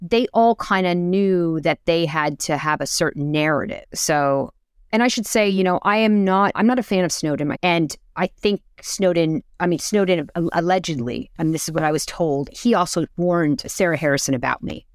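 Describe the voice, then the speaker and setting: A woman with a lowish voice talks in a fairly monotone way. She is a guest in an interview, hesitating and restarting her phrases as she goes. The sound is dry and close. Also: moderate pace, smooth, dry recording. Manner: hesitant, many restarts and fillers. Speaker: guest analyst. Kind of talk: casual interview talk.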